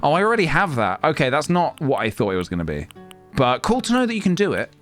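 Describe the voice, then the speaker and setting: A man's voice: on the high side, wildly swooping pitch, quick pace. Giggly man chatting over game music. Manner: chatty, giggly, self-mocking. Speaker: streamer. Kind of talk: casual gameplay commentary.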